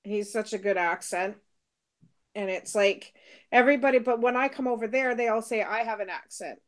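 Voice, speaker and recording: Chatty middle-aged woman, high voice. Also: moderate pace. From Britain. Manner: chatty, laughs often, answers comments aloud. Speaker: co-host reading viewer comments. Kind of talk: casual live-stream chat.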